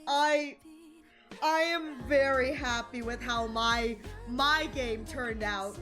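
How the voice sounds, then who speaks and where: A woman's voice: on the high side, slow, fairly bright tone, faint music behind. A woman streamer chatting casually on a live game stream, gushing and emotional and often repeating herself.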